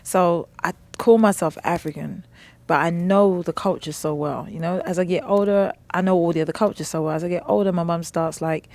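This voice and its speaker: Lively London woman in conversation. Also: fairly low pitch, a little fast, dry recording. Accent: London English. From West London, England. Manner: animated storyteller, mimics others. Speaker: guest, singer and rapper. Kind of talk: casual interview chat.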